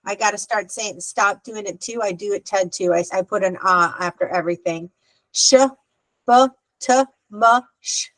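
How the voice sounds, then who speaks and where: A woman's voice: mid-range voice, little pitch movement, a little fast, hardly any pauses, fairly bright tone, no echo, rough recording. A woman teaching an adult Hebrew class over a video call, explaining patiently and checking in with "okay" often. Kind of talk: online adult class instruction.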